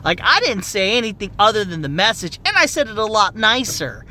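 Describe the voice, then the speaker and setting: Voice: medium pitch, very animated, fairly quick, bright, forceful tone. A young adult medical office worker ranting in a heated, profane, exasperated monologue.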